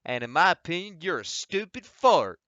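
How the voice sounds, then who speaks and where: A man's voice: a little high, very animated, moderate pace, sharp tone, dry recording, highs cut off, voice pushed up. Man doing a cocky, rude young horseman. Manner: insolent, mocking.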